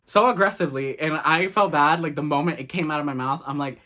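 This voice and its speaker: A young man with a higher, bright, forceful voice tells a story in a casual vlog. He is blunt, crude and animated, and he swears a lot. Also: fast talker, few pauses. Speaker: vlogger.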